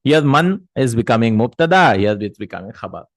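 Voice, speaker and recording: A man's voice: mid-range voice, very animated, brisk, no echo. A man teaching Arabic grammar in a recorded lesson, explaining step by step and answering his own questions.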